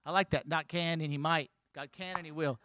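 A man preaching a sermon as pastor, emphatic and building to loud, forceful passages. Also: on the high side, steady tone, a little fast, dry recording.

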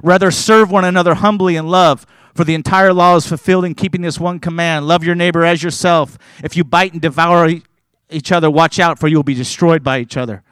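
A man's voice: on the high side, fairly even intonation, a little fast, fairly bright tone, smooth, no echo. A man preaching a sermon who reads scripture aloud with earnest emphasis and slips into conversational asides, stumbling and repeating words.

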